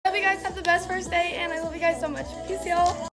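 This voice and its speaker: A teenage girl chats through her morning routine, dropping "like" into nearly every phrase. Her voice sits high. Loud pop music plays underneath her throughout. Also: little pitch movement, quick pace. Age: teens. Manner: chatty, filler-heavy "like" talk. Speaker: vlogger. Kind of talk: get-ready-with-me chat.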